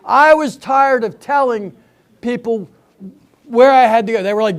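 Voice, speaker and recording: A man's voice: extremely high pitch, unhurried. An older man performing a stand-up comedy routine at a senior center, telling stories and bantering with the audience. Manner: chatty storytelling, banters with the audience. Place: senior center hall before a live audience.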